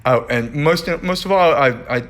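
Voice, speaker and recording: A man's voice: fairly high pitch, normal speed, fairly bright tone. A man, a painter, chatting casually on a livestream from his studio and reading his own writing aloud, often restarting and repeating phrases. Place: art studio, indoors. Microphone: phone streaming live.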